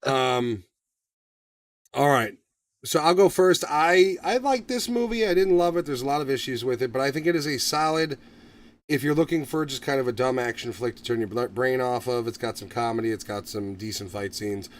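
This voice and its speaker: A man hosting a casual movie review podcast, talking in a profane, animated way and acting out quotes. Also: medium pitch, moderate pace, far from the mic. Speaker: podcast host.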